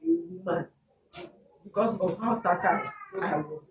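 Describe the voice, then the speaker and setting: A woman's voice: medium pitch, wildly swooping pitch, unhurried. A woman, a wife in a family dispute, firmly denying accusations. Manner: firm, defensive denials. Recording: roomy, distant, faint noise.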